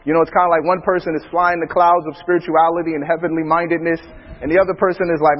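A father giving a church talk on parenting, an animated storyteller who acts out his family's lines and laughs often. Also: high voice, quick pace, long reverb tail, dull audio. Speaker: father speaking alongside his wife.

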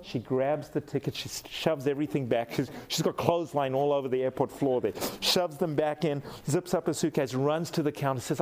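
Middle-aged male pastor from Africa, animated storyteller, mid-range voice. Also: mid-range voice, a little fast, hardly any pauses. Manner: animated storyteller, acts out quoted lines. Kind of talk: sermon with storytelling.

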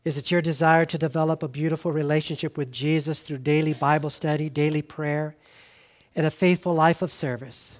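A man preaching a sermon in an earnest way, rising to emphatic lines and dropping to quiet, soft appeals, with frequent restarts. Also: fairly high pitch, steady tone, a little fast.

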